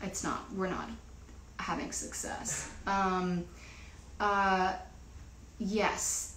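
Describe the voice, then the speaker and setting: A woman's voice: medium pitch, level tone, drawn-out words, a bit bright, echoey room, slight background noise, poor audio. A young woman from New Jersey, a singer chatting casually on a livestream, rambling with lots of fillers and cursing freely.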